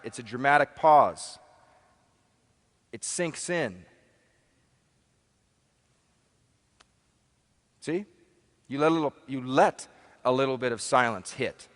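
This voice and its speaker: A man with a fairly high, slightly bright voice delivers a live motivational seminar talk. He speaks emphatically, repeats key phrases, and asks the audience questions, all under a long hall reverb.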